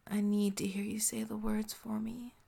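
A woman voicing a tender male lover in a whispered role-play, in a hushed, coaxing whisper. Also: medium pitch, level tone, moderate pace, vocal fry, slightly rough.

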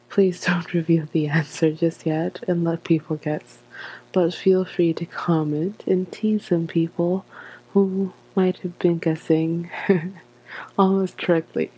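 A woman with an accent, slowly reading a word list for an accent challenge, dropping some words to a whisper. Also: lowish voice, dark tone, slightly rough, low-quality recording. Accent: non-standard English accent. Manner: slow and deliberate, some words breathed in a whisper. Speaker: audio content creator.

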